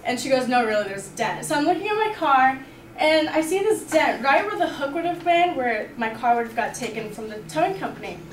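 A woman's voice: sits high, sing-song, brisk. A young woman telling a personal story to a class in an upbeat, chatty way, with lots of "like" and "you know.". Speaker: student storyteller. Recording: echoey room, far from the mic, faint background noise.

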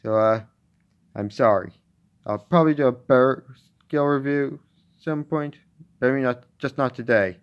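A man casually reviewing a toy at home, talking in a halting way with many restarts. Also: medium pitch, smooth, dull audio. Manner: halting, with frequent restarts and fillers.

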